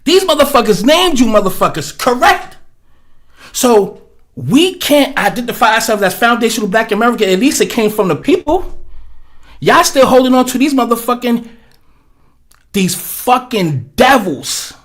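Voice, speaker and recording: Male stream host, high voice, profane rambling rant, webcam mic. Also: animated, normal speed, fairly bright tone. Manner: blunt, profane, rambling with many fillers. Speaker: livestream host. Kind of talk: profane ranting commentary. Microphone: webcam setup.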